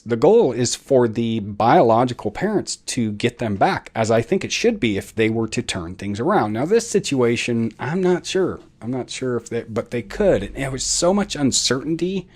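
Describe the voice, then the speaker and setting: List: man, podcast host, low voice, personal storytelling, rambling, many fillers, self-corrections. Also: a little mellow.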